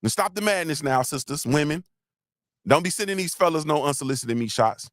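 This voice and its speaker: A man hosts a motivational livestream, joking and preaching straight to his viewers. His voice sits a bit high. The sound is dry and close, with no room echo. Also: expressive, brisk, fairly bright tone. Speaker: livestream host. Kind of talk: casual motivational livestream talk.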